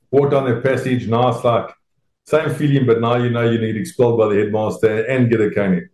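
A South African man, a former rugby player, telling an animated, self-deprecating anecdote and acting out the voices of the people in it. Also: medium pitch, fast. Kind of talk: anecdotal storytelling. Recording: roomy echo.

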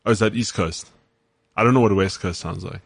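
A South African man with a low voice, co-hosting a podcast chat. He is easygoing and agreeable and chimes in with short replies. The sound is dry and close to the mic. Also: a little fast, gravelly, breathy edge, no echo. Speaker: podcast co-host. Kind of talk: casual chat.

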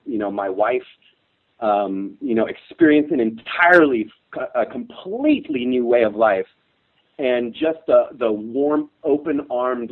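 Hesitant man on a tinny phone line. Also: mid-range voice. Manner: hesitant, many restarts, gets choked up. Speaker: interview guest. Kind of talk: emotional personal interview.

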